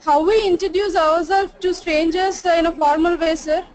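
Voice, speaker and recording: A woman's voice: extremely high pitch, fairly even intonation, normal speed, a little mellow, poor audio. A woman, a student who politely asks her teacher a question over an online call. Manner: polite, addresses the teacher as sir.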